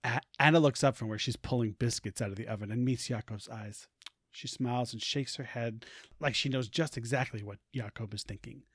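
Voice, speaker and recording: A man's voice: mid-range voice, a little fast, slightly rough, no room sound, clean studio sound. A man reading a story aloud on a podcast, giggly and stumbling over words. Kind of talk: casual read-aloud.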